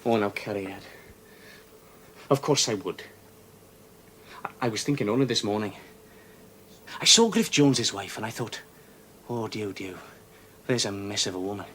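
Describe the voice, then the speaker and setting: An actor with a Welsh accent playing a blunt, hot-tempered young miner in a 1970s television period drama. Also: male voice, on the low side, normal speed, pauses often, a bit bright, lightly acted. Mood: warm.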